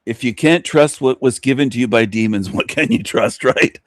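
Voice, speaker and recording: A man's voice: mid-range voice, moderate pace, fairly bright tone, no room sound, clean studio sound. A man hosting an online radio show, ranting scornfully at his listeners with mocking laughs and rhetorical questions. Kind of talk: scornful solo rant.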